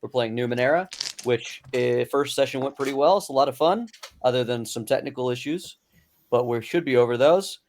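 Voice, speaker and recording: A man's voice: medium pitch, fairly quick, darkish tone, slight background noise. A man who runs tabletop games, plugging his shows in casual, emphatic, joking stream chat. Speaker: game master.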